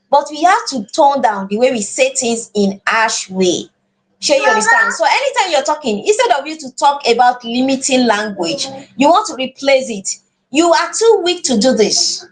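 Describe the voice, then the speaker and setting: Nigerian woman teacher, high animated voice, earnest, repeats words mid-thought. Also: moderate pace. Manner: earnest, repeats words while finding phrasing. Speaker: parenting class teacher. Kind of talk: live online class.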